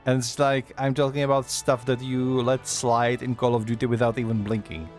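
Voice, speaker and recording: A man commentates casually on a live stream, chatty and sarcastic, quick to laugh at what he sees. His voice sits at a middle pitch. Faint game music runs quietly in the background. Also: level tone.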